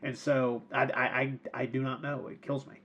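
A man's voice: medium pitch, level tone, normal speed, fairly bright tone, highs cut off. A man co-hosting a podcast, talking casually about films in a rambling way, with many repeated words and frequent laughs. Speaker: podcast co-host. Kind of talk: casual film discussion.

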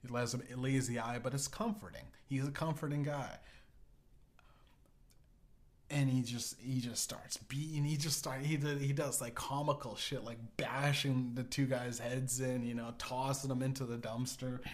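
A man's voice: medium pitch, steady tone, moderate pace, hardly any pauses. A man hosting a podcast, spinning a loose, profane story with many restarts and tag questions. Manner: profane, stammering, full of restarts and "right?". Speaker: podcast host. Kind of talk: rambling casual podcast monologue.

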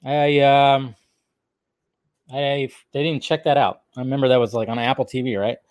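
A man's voice: medium pitch, level tone, moderate pace, lo-fi sound. A man hosting a casual live video chat, answering viewer comments in a loose, rambling way with lots of fillers and restarts. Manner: loose and offhand, swears casually. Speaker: host of a live video show.

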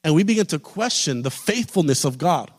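A man preaching a sermon as pastor, building to loud, fervent peaks and then dropping soft. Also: on the high side, expressive, fairly quick. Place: church sanctuary. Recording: long reverb of a large hall.

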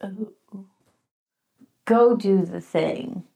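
A woman's voice: mid-range voice, extremely slow, creaky, mellow, echoey room. A woman co-hosting a podcast in casual chat, teasing and playful with her partner. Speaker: podcast co-host.

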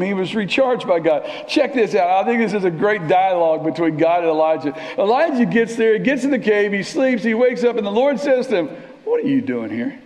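A man preaching a sermon in a church, conversational and animated, sometimes dropping to a near whisper. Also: high-pitched. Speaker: pastor. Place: church sanctuary. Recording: long reverb of a church hall.

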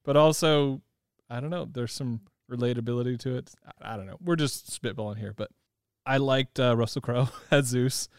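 A man's voice: mid-range voice, moderate pace, clear, resonant tone, dry recording, clean studio sound. A man co-hosting a podcast, talking casually about films, rambling and laughing often. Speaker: podcast co-host. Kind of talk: casual movie chat.

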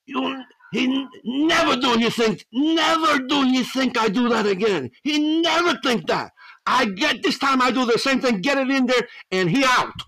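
A proud, hot-tempered Cuban pitcher, put on by a man, boasting in broken, Spanish-accented English. The voice jumps well above the speaker's usual pitch and sounds pumped. It is recorded dry and close. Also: expressive, moderate pace, bright, forceful tone, no echo, heavily acted, poor audio. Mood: boastful.

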